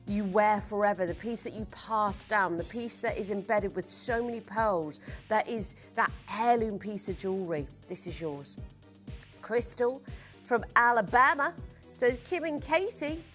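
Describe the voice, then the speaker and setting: A woman's voice: mid-range voice, fairly bright tone. A woman presenting jewellery on a live shopping channel, chatty and gushing as she sells. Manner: gushing, chatty sales patter.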